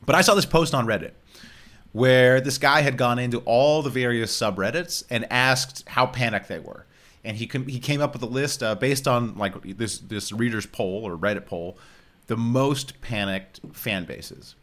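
A man hosting a casual sports podcast, talking in a dry, halting way and trailing off at the ends of sentences. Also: mid-range voice, fairly bright tone. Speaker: podcast host.

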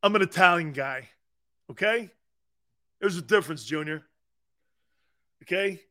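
A man's voice: a little high, lively intonation, measured pace. A man hosting a sports talk show, chatting casually, joking and laughing as he answers viewers' comments. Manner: joking, laughing, wide swings in loudness. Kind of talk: casual chat, reading live chat.

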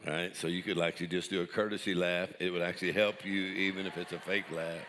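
A man's voice: low-pitched, little pitch movement, fast, a bit bright, big-room sound, slight background noise. An older male pastor preaching with jokes, chuckling at his own punchlines. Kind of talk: sermon with jokes.

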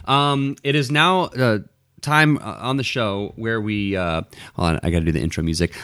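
A man's voice: fairly low pitch, moderate pace, fairly bright tone, smooth, no echo, clean studio sound. A man co-hosting a podcast in casual banter, rambling with lots of fillers and restarts. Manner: rambling, self-deprecating, with many fillers and restarts. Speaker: podcast co-host.

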